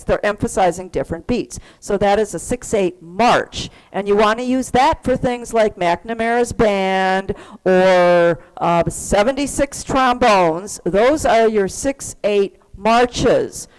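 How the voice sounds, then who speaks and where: Woman keyboard teacher, mid-pitched, counts beats aloud over a faint keyboard backing. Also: lively intonation, measured pace, soft background music. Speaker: music teacher. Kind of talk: online keyboard class. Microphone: computer mic on a video call.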